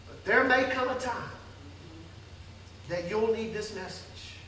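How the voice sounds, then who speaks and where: High-voiced preacher in an echoey hall. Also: male voice, slow pace, recorded from a distance, a little hiss or hum. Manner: impassioned, swings between loud calls and soft pleading. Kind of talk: emotional sermon. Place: large church hall.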